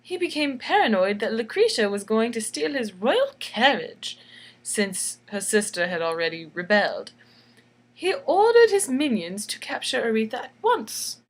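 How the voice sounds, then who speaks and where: A woman's voice: a little high, big pitch swings, moderate pace. A woman reading aloud her own picture book as a playful bedtime story, with jokey asides. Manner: jokey, chatty asides, laughs at own jokes.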